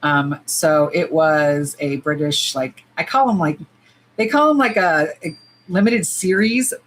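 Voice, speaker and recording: On a nail-swatching livestream, an American woman chats casually and animatedly, cursing freely and saying "y'all." Her low-pitched voice moves at a measured pace over a rough recording with slight background noise.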